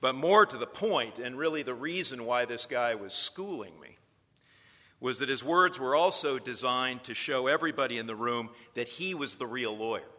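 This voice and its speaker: A man's voice: medium pitch, expressive, normal speed, bright, forceful tone, long reverb tail. A man lecturing future preachers in a sermon style, telling stories and building to emphatic points.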